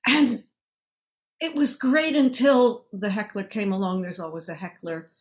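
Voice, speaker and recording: A woman storyteller telling a story at a live event, lively and acting out the voices of the people she quotes. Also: medium pitch, measured pace.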